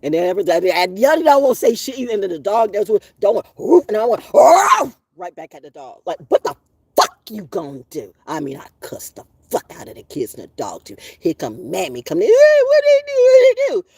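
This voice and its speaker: Animated, husky, profane woman storyteller. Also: fairly low pitch, fairly quick, no room sound. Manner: profane, animated, laughs often. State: coughing from allergies. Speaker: vlogger. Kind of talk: casual storytelling monologue.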